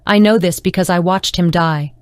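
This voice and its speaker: A woman's voice: on the low side, moderate pace, clean tone, dry recording, close to an everyday voice. A woman narrator voicing a cruel, snarling male beast in an audiobook. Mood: solemn. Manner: snarling, ranting.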